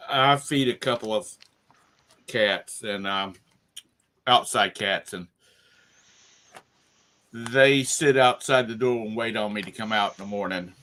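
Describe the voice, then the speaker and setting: Man, lowish voice, laid-back, hesitant, faint background noise. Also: takes it slowly, long pauses, sharp tone. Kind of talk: casual chat.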